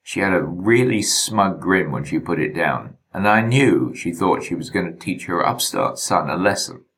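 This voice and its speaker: A man reads his memoir aloud, wry and deadpan. His voice sits very low, yet his delivery rises and falls with lively expression. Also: normal speed. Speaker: narrator. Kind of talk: memoir reading.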